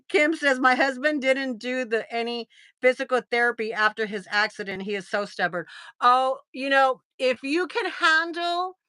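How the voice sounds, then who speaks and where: A middle-aged American woman hosting a livestream, telling a story in a casual, animated way, laughing often and acting out what people said. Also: high voice, measured pace, no room sound. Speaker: livestream host.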